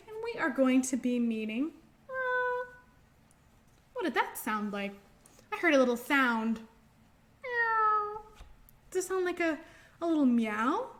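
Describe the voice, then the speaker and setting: A woman librarian reading a picture book aloud and leading finger rhymes for young children, gentle and encouraging in a sing-song way. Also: on the high side.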